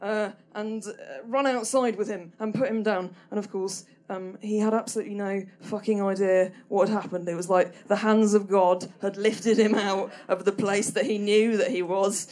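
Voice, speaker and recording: A woman's voice: medium pitch, darkish tone. A young woman does stand-up on a small comedy stage. She rambles and hesitates, restarting sentences with plenty of ums. Her humour is dry and self-deprecating. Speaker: stand-up performer. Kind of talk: stand-up storytelling.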